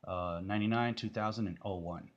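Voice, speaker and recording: A man's voice: lowish voice, fairly even intonation, fairly quick, dull audio. A man giving casual, rambling commentary on a music video, full of fillers and restarts.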